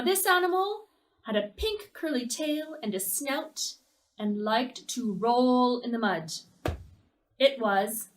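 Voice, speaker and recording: A woman storyteller telling a folktale to children in a rhythmic, repetitive, expressive way. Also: on the high side, roomy sound, far from the mic, low-quality recording.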